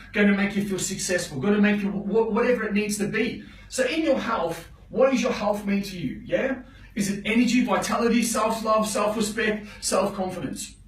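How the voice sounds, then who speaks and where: A man's voice: sits high, reverberant, far from the mic, low-quality recording. A man teaching a live motivational session, preachy and blunt, often checking in with his listeners and swearing for emphasis. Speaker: motivational coach.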